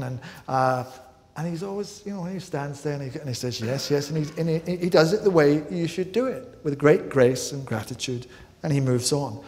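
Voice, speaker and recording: Man, actor guest, lively anecdotal storytelling, slightly gravelly, big hall reverb. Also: mid-range voice. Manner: lively storyteller, mimics others, self-deprecating. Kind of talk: anecdotal stage interview.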